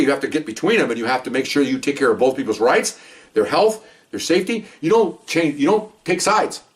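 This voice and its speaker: A man's voice: mid-range voice, distant mic. An older man, a retired police officer, telling stories in a rambling, casual way and acting out bits of dialogue. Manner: rambling, acts out quoted dialogue. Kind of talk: casual storytelling.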